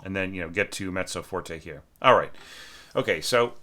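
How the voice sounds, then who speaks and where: A man's voice: deep voice, moderate pace, pushed and bright. A man teaching orchestration, casually thinking aloud as he critiques a student's score and sings rhythms as nonsense syllables.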